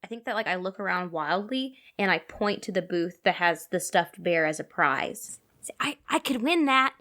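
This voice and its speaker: A woman's voice: lowish voice, normal speed, fairly bright tone. A woman playing a tabletop game, eagerly describing what her character does. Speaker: player.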